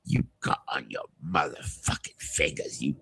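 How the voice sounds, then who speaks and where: A man voicing a hostile working-class British pub man in a British accent, speaking in low, growling threats. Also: animated, moderate pace, vocal fry, fairly bright tone, slightly rough, full character voice. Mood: menacing.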